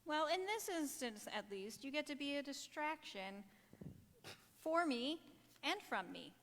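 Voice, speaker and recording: A woman's voice: sits high, very animated, a little slow, fairly bright tone, big-room sound, a little hiss or hum. A young woman artist chatting dryly and self-deprecatingly while she paints on stage. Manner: dry, wry, self-deprecating. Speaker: local artist painting live. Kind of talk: casual chat while painting.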